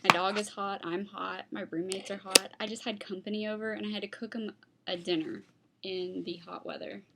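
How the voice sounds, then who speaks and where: A young woman vlogger at home chats into her computer webcam, rambling and talking to her dog, with heavy noise in the background. Her mid-range voice is gravelly, with fairly even intonation and a normal pace.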